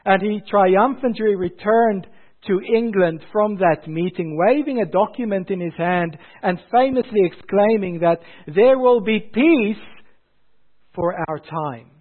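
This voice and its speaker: High-voiced man preaching emphatically. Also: measured pace. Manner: emphatic, repetitive rhetorical questions. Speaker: pastor. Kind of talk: sermon. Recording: tinny phone-like sound.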